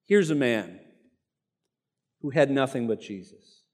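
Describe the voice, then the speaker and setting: A man's voice: medium pitch, lively intonation, slow pace, a little mellow, in a large hall. A man preaching a sermon, reading a martyr story aloud in an earnest tone with casual asides to the congregation.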